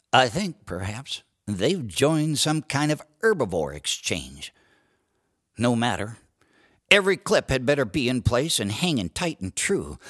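A man reciting cowboy poetry and singing, with a lively drawl. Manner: lively drawl with broad swings of pitch. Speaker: cowboy poet and singer. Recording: dry studio recording with guitar.

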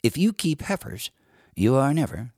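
A man reciting cowboy poetry and singing, with a lively drawl. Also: normal speed. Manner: lively drawl with broad swings of pitch. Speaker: cowboy poet and singer. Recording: dry studio recording with guitar.

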